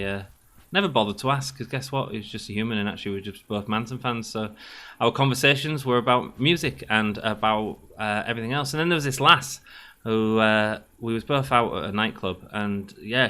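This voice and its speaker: A man's voice: on the low side, pushed and bright. A man in his late thirties, a gaming channel host telling a long rambling story while he plays, acting out both sides of the quoted dialogue. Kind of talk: casual storytelling while playing a game.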